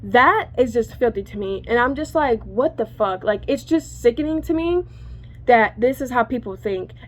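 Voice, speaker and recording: A woman's voice: fairly high pitch, lively intonation, normal speed. A woman telling a personal story to her viewers in casual chat, rambling and correcting herself, cursing freely.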